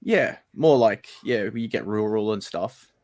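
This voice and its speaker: Aussie guy co-hosting, lowish voice, jokey and blunt, lots of banter. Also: lively intonation, a little slow, darkish tone. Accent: Australian. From Australia. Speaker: co-host. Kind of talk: casual chat.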